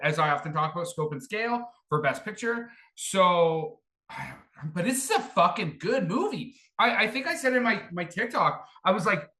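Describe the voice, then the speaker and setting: An excited man raves about a movie in loose, casual podcast chat, sprinkling fillers and swears. His voice sits fairly high and sounds bright and forceful. The room around him rings with echo. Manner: enthusiastic, rambling, heavy on fillers and swearing. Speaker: podcast co-host.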